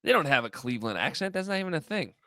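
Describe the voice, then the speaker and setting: Gravelly, animated man talking football. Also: fairly high pitch, very fast, no room sound, clean studio sound. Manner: animated, jokey, trails off and restarts. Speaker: sports podcaster. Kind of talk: casual sports chat.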